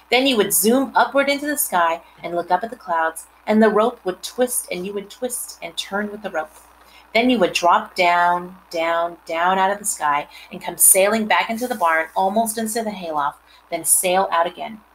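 A woman reads a storybook aloud at an ordinary middle pitch, stopping to explain things to her listeners. Faint noise runs under the recording. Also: a bit bright, low-quality recording. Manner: explains words and scenes to listeners. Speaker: mother reading aloud. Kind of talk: reading a storybook aloud with asides.

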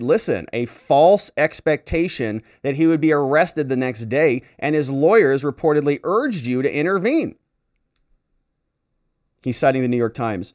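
With a mid-range, slightly mellow voice, a man who is both a lawyer and a political commentary host gives solo sarcastic commentary, reading a letter aloud and lampooning its official authors in exaggerated voices. The recording is studio quality with no room sound.

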